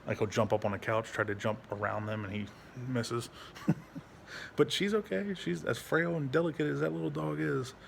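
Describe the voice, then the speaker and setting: A man's voice: moderate pace, gravelly, slight background noise. A man talking bluntly in a casual, rambling vlog at home, swearing often and restarting his sentences. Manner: high baby-talk voice when speaking to his dog. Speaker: veteran vlogger.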